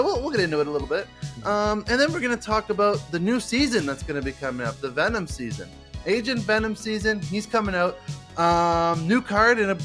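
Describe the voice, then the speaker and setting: A young man with a fairly high voice hosts a casual gaming podcast. He talks with loose energy, drops plenty of fillers and curse words, and faint music plays underneath. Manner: energetic, swears freely, many fillers. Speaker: podcast co-host.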